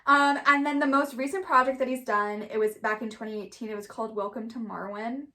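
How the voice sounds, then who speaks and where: This young woman has a high, bright voice and talks in a loose, rambling way, leaning on "like" again and again. She co-hosts a casual podcast chat and reviews things with a friend. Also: fairly even intonation, a little fast. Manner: chatty, heavy use of "like". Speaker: podcast co-host.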